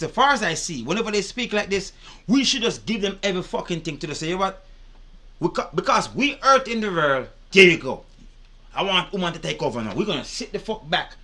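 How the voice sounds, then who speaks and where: A man's voice: high-pitched, bright, forceful tone. A man giving indignant, profane reaction commentary. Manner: indignant, profane, repetitive ranting. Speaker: reaction video host.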